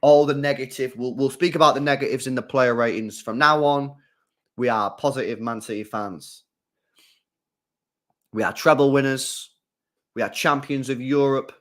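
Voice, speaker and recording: A man, giving live commentary and chat to his viewers while watching a football match as an excitable fan. His voice swings from loud shouts down to low mutters. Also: normal speed, long pauses.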